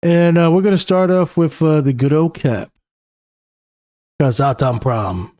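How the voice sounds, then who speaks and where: Sharing his screen, a young technical analyst from New York City casually talks through market charts in a New York accent, filling his thinking-aloud with uhs and you-knows. He speaks at normal speed in a higher, warm, clean voice, recorded in a clean studio with no echo.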